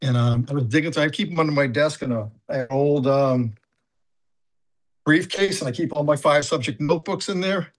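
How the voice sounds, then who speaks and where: A man in his sixties, a sponsor and coach, telling his recovery story candidly, halting often with fillers and restarts. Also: fairly high pitch. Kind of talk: personal testimony, casual and confessional.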